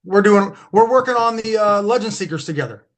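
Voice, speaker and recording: A man's voice: high-pitched, animated, brisk. A man guesting on a podcast, telling a story casually, repeating and restarting his words as he goes. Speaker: podcast guest, Bigfoot researcher.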